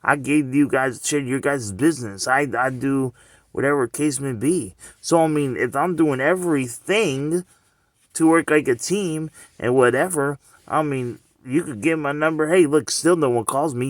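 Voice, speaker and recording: A man at middle pitch, talking in a loose, rambling way straight to the camera. He keeps circling back with rhetorical questions and filler phrases. His voice is close and dry, with no room echo. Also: normal speed. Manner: loose and conversational, heavy on "you know what I'm saying".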